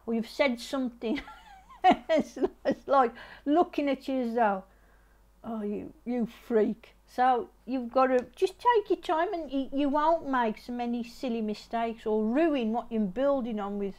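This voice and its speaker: A middle-aged woman reads tarot in a casual, chatty way. She has a slightly high voice. She repeats herself often, restarts her sentences and gently urges the listener to slow down. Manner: repetitive, restarting, gently advising. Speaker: tarot reader. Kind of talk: casual tarot reading to camera.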